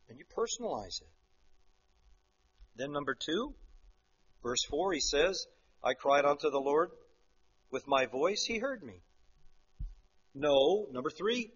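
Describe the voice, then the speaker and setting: A man preaching a sermon, swinging between hushed, quiet stretches and loud, fervent passages. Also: fairly high pitch, lively intonation, slow pace, pauses often, breathy edge, lo-fi sound.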